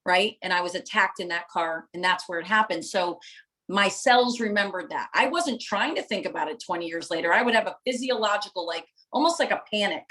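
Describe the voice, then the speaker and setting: A woman's voice: medium pitch, brisk, bright, forceful tone, poor audio. A middle-aged woman giving a live motivational talk to viewers, passionate and preacher-like, driving points home with emphatic repetition. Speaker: motivational speaker and coach.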